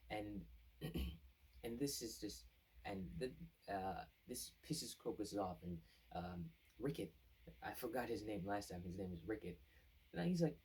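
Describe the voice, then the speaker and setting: This deep-voiced man, mellow with a slight roughness, goes over an anime's story in a loose reviewer style, wandering off track, restarting often, padding with fillers and performing the characters' quotes. The mic is distant and the recording quality is poor.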